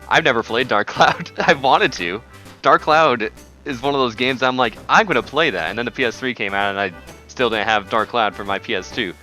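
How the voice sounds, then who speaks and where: A man's voice: medium pitch, normal speed, pushed and bright, soft background music. A man hosting a casual game playthrough, rambling and joking as he reads along. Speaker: let's play host. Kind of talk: casual gameplay commentary.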